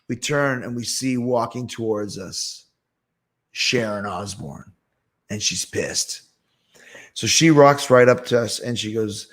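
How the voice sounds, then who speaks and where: Male host, mid pitch, casual, animated, swears freely. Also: takes it slowly. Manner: animated, profane anecdote telling. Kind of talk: casual storytelling.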